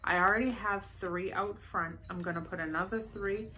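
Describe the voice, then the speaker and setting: A woman's voice: medium pitch, steady tone, normal speed, pushed and bright. A young woman chatting casually through a shopping haul, bubbly and rambling with enthusiasm. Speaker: vlogger showing a shopping haul.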